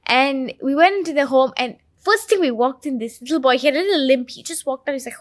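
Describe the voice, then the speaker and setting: A woman's voice: high voice, a little fast, hardly any pauses, a bit bright, no echo. A woman speaking in a heartfelt way during a reflective conversation, telling stories.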